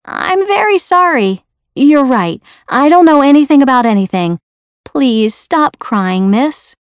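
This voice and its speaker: A woman's voice: high-pitched, animated, measured pace, no echo, pitched above the performer's own voice. Woman voicing a chatty Yorkshire maid. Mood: soothing. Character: kind chatty young Yorkshire maid, female.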